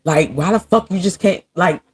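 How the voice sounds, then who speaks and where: A woman's voice: on the low side, moderate pace, a little mellow, slightly rough. A woman in her thirties ranting to her viewers in a casual vlog, blunt and heavy on profanity. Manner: blunt, profane, venting angrily. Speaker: vlogger.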